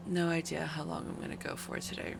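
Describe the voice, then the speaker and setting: A woman's voice: deep voice, flat delivery, fast talker, vocal fry, background noise. A woman live-streaming in casual chat with her viewers, groggy, her morning voice cracking, chatty and self-deprecating.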